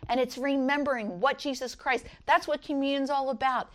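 A middle-aged woman speaks earnestly at an Easter devotional, reading scripture aloud and sharing stories. Her voice sits slightly higher than most. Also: steady tone, a little fast. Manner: earnest, rises high when voicing others.

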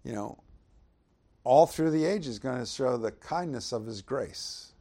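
Man, sermon preacher, mid-pitched voice, casual "you know" delivery, rises loud on verses. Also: lively intonation, unhurried. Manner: conversational preaching, frequent "you know", rhetorical questions; loud dramatic swells when reading verses. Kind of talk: sermon with scripture reading.

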